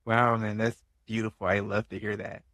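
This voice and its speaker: A man hosting a podcast interview, responding warmly and asking questions. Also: lowish voice, level tone, moderate pace, no room sound. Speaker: podcast host.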